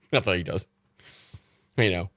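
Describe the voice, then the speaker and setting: Young man, casual livestream chat, animated storyteller, swears a lot, low voice, dry close sound. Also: takes it slowly, no echo. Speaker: livestream host.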